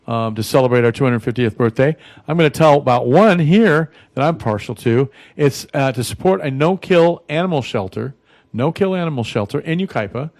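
A man chats on a radio talk show in a folksy, rambling manner, full of fillers and restarts. His voice sits at an ordinary pitch for a man. It sounds dry and close on a studio microphone. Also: lively intonation, fairly quick, darkish tone, dry recording.

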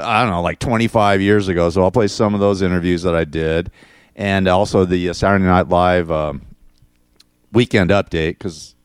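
A middle-aged podcast host with a smooth, resonant, fairly low voice rambles through a crude solo rant. He keeps adding "man" to his sentences and often starts over. The sound is close and dry, with no room around it.

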